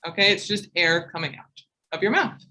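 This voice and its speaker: A woman teaching English pronunciation in a live online class, saying each word slowly and twice. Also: fairly low pitch, lively intonation, bright, forceful tone, poor audio. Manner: slow, deliberate, repeats each word twice.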